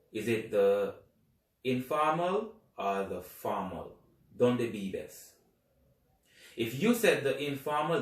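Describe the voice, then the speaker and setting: Man, language teacher, very slow speech, patient drilling of phrases, roomy echo, mic at a distance. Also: medium pitch, fairly bright tone. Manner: slow, deliberate, repeats phrases for practice. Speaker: Spanish teacher. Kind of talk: slow lesson narration. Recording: echoey room, voice a bit far from the mic.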